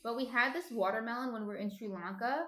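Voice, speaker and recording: A woman with a New Jersey accent hosting a casual live cooking stream from home, chatty and quick to laugh as she reads out chat messages. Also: fairly high pitch, a bit bright. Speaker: stream host, baker. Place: home apartment. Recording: roomy echo.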